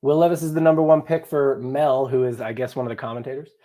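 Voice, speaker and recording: Young guy running a live stream, chill warm voice, joking with chat. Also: medium pitch, steady tone, fast. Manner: jokey, chatty, talks to chat and co-hosts. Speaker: livestream host. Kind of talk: casual live chat reading viewer comments.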